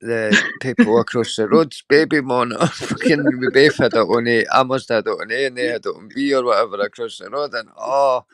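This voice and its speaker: A man's voice: medium pitch, brisk, crowd noise. A man with a Scottish accent, chatting casually and telling rambling stories with frequent laughs. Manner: rambling storyteller, laughs often. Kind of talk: casual chat.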